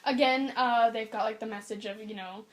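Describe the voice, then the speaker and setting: A young adult woman co-hosting a podcast in casual chat, animated and blunt in her opinions. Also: a little high, moderate pace. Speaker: podcast co-host.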